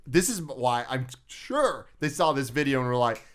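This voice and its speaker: A man co-hosting a casual podcast, throwing in quick deadpan jokes. His pitch moves around a lot from line to line. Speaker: podcast co-host. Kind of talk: casual chat.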